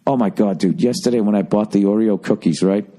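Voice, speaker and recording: A man's voice: fairly low pitch, fairly quick, mellow. A man in his forties, a podcast host, telling a loose, profane and self-deprecating comic rant that rambles and restarts mid-sentence. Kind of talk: casual comedic rant.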